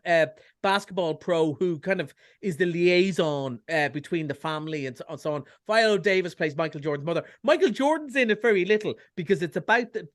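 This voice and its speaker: An Irish man reviewing films on a radio chat show, chatty and enthusiastic with quick jokes and asides. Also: high-pitched, fairly bright tone. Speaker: cinema film reviewer. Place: radio studio.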